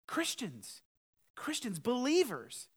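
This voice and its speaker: A man's voice: very high-pitched, huge pitch swings, slow, husky. A male pastor preaching a sermon, emphatic, with conversational asides and rhetorical questions. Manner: emphatic, swings from loud challenge to quiet earnest appeal.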